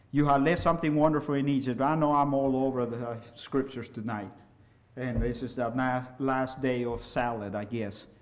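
A middle-aged man with a medium-pitched voice preaches a sermon, swinging between loud, impassioned hollering and soft, quiet asides.

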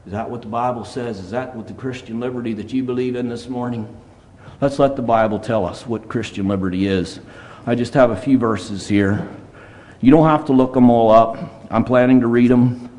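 A man with a mid-range, slightly mellow voice preaches at a moderate pace during a church service. His sermon is plainspoken and earnest, and he reads scripture aloud in King James wording.

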